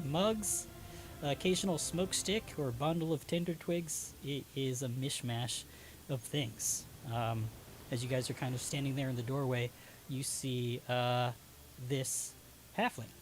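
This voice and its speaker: A man narrating a tabletop game as game master, describing scenes with halting fillers. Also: on the high side, a little hiss or hum.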